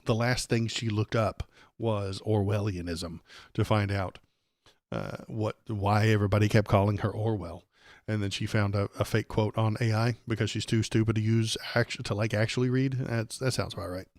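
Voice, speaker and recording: A man's voice: lowish voice, fairly even intonation, normal speed, dry recording, studio quality. A man hosting a live political stream, ranting angrily and sarcastically with plenty of profanity. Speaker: livestream political commentator.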